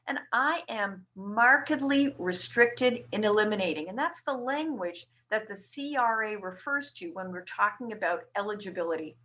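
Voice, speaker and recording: Woman nurse from Canada, bright-toned, patiently walks listeners through a form in a webinar. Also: on the high side. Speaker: ostomy nurse presenter. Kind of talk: webinar presentation.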